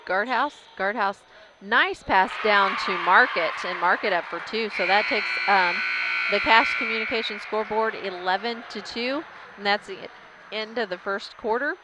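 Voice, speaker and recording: A woman calling a school basketball game as a local announcer, casual and hesitant, with frequent pauses and fillers. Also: mid-range voice, heavy background noise. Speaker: play-by-play announcer. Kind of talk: local sports commentary.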